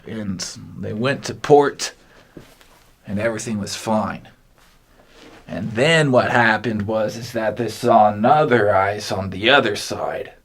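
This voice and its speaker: A man delivering a rambling comic monologue, halting and meandering with long pauses between phrases. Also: lowish voice.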